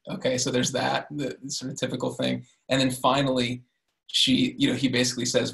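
A man with a gravelly, creaky voice leads a literature seminar. He speaks in a flat, level tone. He often checks in with "right?" as he talks. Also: mid-range voice, normal speed. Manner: frequent "right?" tag questions and restarts. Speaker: discussion leader.

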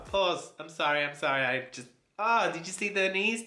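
Man, bright voice, lively pitch, exclamatory reactions, echoey room, music underneath. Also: measured pace, few pauses. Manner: gushing, exclamatory, frequent oohs and gasps. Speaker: dance reaction vlogger. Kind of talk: excited reaction commentary. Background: music playing.

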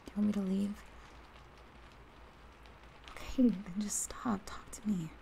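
A woman's voice: mid-range voice, steady tone, measured pace, vocal fry, mellow, a little hiss or hum, poor audio. A young woman voicing a protective best friend in a whispered role-play, swinging between heated and tender as she speaks straight to the listener. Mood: gentle, comforting. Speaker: ASMR role-play performer.

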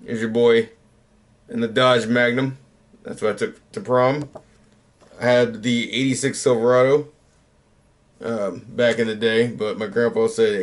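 A man in his thirties talks through things in a loose, rambling way at an ordinary mid pitch. He pokes fun at himself and lets his sentences trail off, like a relaxed late-night vlog chat. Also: a little slow, pauses often. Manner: rambling, self-mocking, trails off. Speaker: YouTuber.

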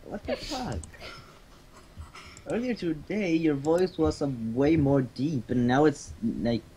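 Puzzled young man, slightly high voice. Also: dark tone, a little hiss or hum. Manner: puzzled, blunt, quick to joke then backtrack. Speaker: prank call target. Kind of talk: casual call chat. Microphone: headphones with mic on a voice call.

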